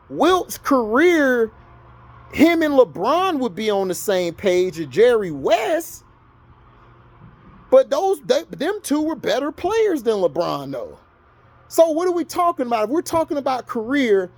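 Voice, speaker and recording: Fired up guy from florida arguing sports, high voice swinging all over. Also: darkish tone. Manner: heated, argumentative, scolding. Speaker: vlogger. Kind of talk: sports rant to camera.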